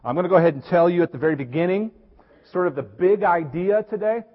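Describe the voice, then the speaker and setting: A man's voice: high-pitched, fast talker. A middle-aged man from Tennessee, a pastor giving a conversational, storytelling sermon with easy fillers, recorded with dull, echoey church sound. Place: church sanctuary.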